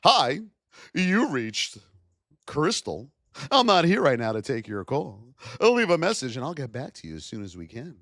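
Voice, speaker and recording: A man's voice: medium pitch, huge pitch swings, moderate pace, fairly bright tone, no room sound, studio quality. Man putting on a young woman's phone greeting. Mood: chirpy.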